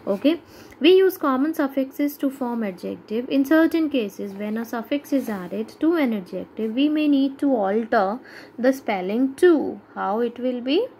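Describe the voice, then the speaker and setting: A woman's voice: on the high side, animated, measured pace, mellow, slight background noise, rough recording. A woman teacher with an Indian English accent giving a grammar lesson to schoolchildren, explaining step by step and asking checking questions.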